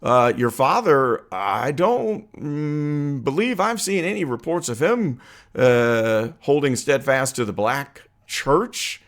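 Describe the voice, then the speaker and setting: A man hosting his own political commentary vlog, talking earnestly and conversationally with frequent uh and um pauses. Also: medium pitch, lively intonation. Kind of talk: opinion vlog monologue.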